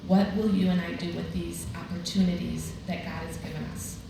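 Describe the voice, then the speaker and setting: A woman's voice: fairly low pitch, little pitch movement, a little fast, gravelly. Woman speaker in an echoey hall. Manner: chatty storytelling with laughs. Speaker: retreat speaker. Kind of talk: devotional talk at a women's retreat. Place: large room at a ladies' retreat. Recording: very echoey, distant, noisy room recording.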